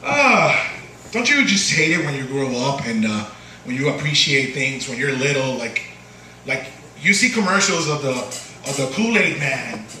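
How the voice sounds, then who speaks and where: A male comedian performs stand-up on a small bar stage, halting with many "uh"s and restarts and jumping high in pitch when quoting voices. He's expressive with a sharp tone, captured from afar by a distant mic in an echoey bar room. Bar crowd ambience and laughter sit in the slight background noise.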